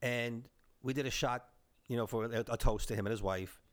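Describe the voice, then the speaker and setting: Excitable Bronx guy telling stories. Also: medium pitch, brisk. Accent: New York. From the Bronx, New York. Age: 40s. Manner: excitable storyteller, says bro and man, mild swearing. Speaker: podcast co-host. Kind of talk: casual chat, storytelling.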